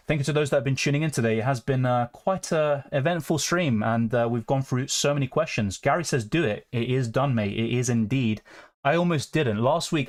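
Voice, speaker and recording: A young man chatting casually on a live stream, answering viewer questions in a relaxed, conversational way. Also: mid-range voice. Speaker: fantasy football streamer.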